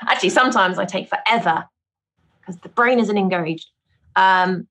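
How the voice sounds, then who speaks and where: Chatty British woman, laughing often. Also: normal speed. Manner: chatty, laughs often, breaks into bright high exclamations. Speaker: podcast guest, vocal coach. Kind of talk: casual interview chat.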